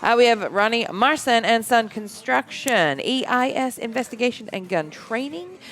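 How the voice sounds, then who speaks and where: A woman's voice: a little high, lively intonation, moderate pace, fairly bright tone, soft background music. A woman co-hosting a podcast, reading the sponsor list in an upbeat, chatty way. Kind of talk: casual sponsor read.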